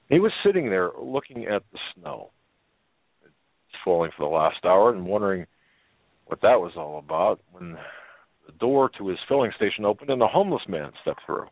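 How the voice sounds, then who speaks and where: A male talk show host reading a story aloud in a folksy, halting way, with many fillers and restarts. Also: sits low, no echo. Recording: narrow phone-like line.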